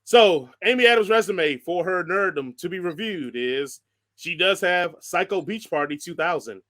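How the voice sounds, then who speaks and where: A man with a slightly high voice hosts a casual podcast chat. He jokes, laughs often and rambles through long lists. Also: lively intonation, normal speed, fairly bright tone. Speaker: podcast host.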